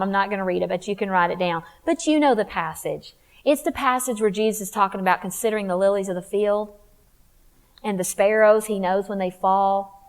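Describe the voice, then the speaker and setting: A woman speaking at a women's church conference, sharing a personal testimony in a conversational, confiding way with emphatic rises. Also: mid-range voice.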